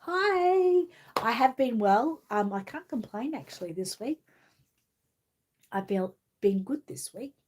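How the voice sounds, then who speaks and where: A woman's voice: medium pitch, expressive, unhurried, long pauses, warm tone, slightly rough. An Australian woman hosting a live stream, chatting casually with lots of fillers and a sleepy, rambling manner, then reading a children's storybook aloud. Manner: rambling, filler-heavy, drowsy. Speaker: livestream host.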